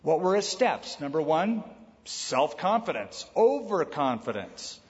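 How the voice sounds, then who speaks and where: A man preaches a sermon with a slightly high voice, talking to the room conversationally and dropping in quick quoted lines. The sound is somewhat dull, with a long reverb tail from a large church sanctuary. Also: big pitch swings. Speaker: pastor.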